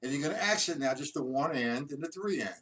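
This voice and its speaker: A man's voice: on the high side, lively intonation, quick pace, very noisy. A man teaching a drum lesson on a live stream, counting beats aloud in a loose, chatty way. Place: drum room at a kit. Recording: far from the mic, loud music and drums behind. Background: loud drumming.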